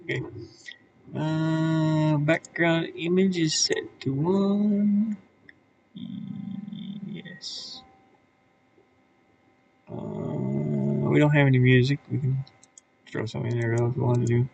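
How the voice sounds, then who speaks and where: A man's voice: on the high side, lively intonation, slow, gravelly, pauses often, darkish tone, a little hiss or hum. A man streaming live, casually talking to himself as he works, muttering and thinking aloud with many fillers. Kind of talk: casual live-stream commentary while working. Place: his van.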